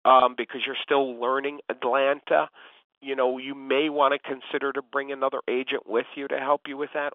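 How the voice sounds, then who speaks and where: On a tinny, dry phone line, a man with a medium-pitched voice plays a real estate coach. He gives instructive advice over the call and often addresses the listener by name.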